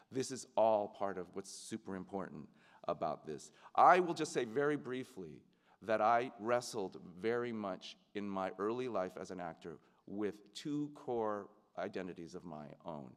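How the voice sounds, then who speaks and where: A man's voice: lowish voice, very animated, unhurried. A middle-aged man, an actor, giving a heartfelt and reflective commencement speech. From United States. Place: large ceremony venue. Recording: long reverb of a large venue.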